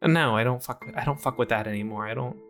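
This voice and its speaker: A man's voice: mid-range voice, fast, a bit bright, soft background music, lightly acted. A man doing a hot-headed chipmunk tough guy. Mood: weary. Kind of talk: improv comedy scene.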